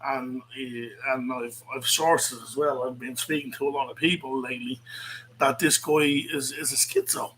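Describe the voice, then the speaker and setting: An Irish man hosts a heated online rant, angry and swearing a lot, repeating himself often. His voice is mid-range, steady, and fairly bright at normal speed, with slight background noise and poor audio.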